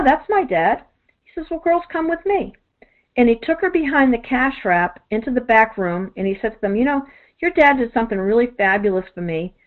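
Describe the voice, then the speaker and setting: A woman who does energy work, telling long rambling stories in a casual chat, full of fillers and restarts. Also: mid-range voice. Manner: rambling, many "you know" fillers and restarts. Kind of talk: casual storytelling monologue. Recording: tinny phone-like audio.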